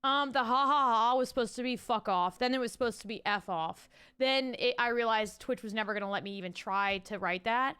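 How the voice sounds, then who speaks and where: A woman's voice: a little high, a little fast, hardly any pauses, sharp tone, clear, resonant tone. A woman streamer chatting casually at home, rambling, swearing freely and thanking viewers. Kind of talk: casual live-stream chat reading out viewer messages.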